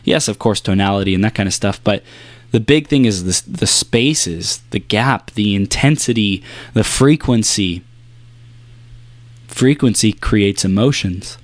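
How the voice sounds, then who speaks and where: A man giving a motivational coaching talk, emphatic and repetitive, playing with pace and long pauses. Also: on the low side, dry recording. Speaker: performance coach.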